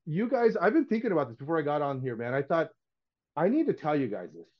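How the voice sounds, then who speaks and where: A man's voice: fairly high pitch, sing-song, fast, lo-fi sound. A middle-aged man talking in a casual podcast chat as a guest, earnest and rambling, often restarting his sentences. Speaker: painting contractor guest.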